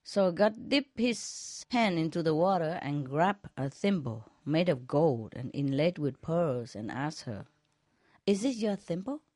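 A woman, a spiritual teacher, telling jokes to a group in a slow, chuckling way, often checking whether her listeners follow. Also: low voice, expressive, darkish tone, dry recording.

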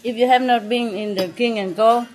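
At her restaurant, a woman chats casually with dinner guests, her voice on the high side with a steady tone and moderate pace. She laughs often and jokes in non-native English laced with French, amid a noisy dining room and clinking dishes.

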